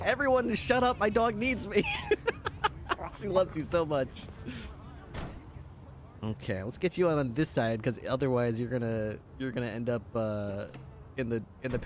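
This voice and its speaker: A man's voice: mid-range voice, lively intonation, measured pace, long pauses. Doting chatty man talking to his dog. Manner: doting, chatty, laughs often. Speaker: roleplay police K9 handler. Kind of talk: in-character roleplay chat with his dog. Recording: game ambience and vehicle noise behind.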